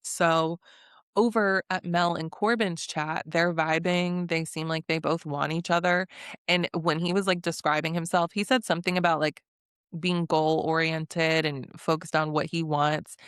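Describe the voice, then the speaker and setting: A woman recaps a reality show in a chatty, sassy way. She laughs often and acts out quotes in a fairly low voice. The sound is close and dry, with no room echo. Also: steady tone, measured pace, fairly bright tone, smooth. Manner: sassy commentary. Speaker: recap host.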